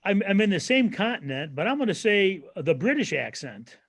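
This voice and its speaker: A man's voice: high-pitched, very animated, normal speed, fairly bright tone, faint music behind. A man chatting as a regular on a radio show, agreeable and chuckling. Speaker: radio co-host. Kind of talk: casual radio chat. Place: radio studio.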